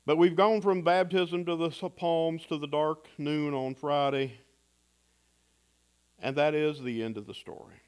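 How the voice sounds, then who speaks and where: A man preaching a sermon in a measured, reflective way, pausing for effect. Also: a little high, fairly even intonation, clear, resonant tone. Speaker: pastor.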